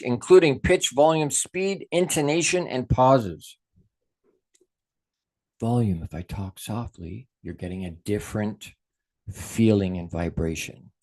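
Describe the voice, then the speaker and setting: Middle-aged man, everyday pitch, emphatic podcast talker who restarts sentences and leans hard on key words. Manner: animated, emphatic, thinks aloud with restarts. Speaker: speaker on a podcast. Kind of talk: talk about communication.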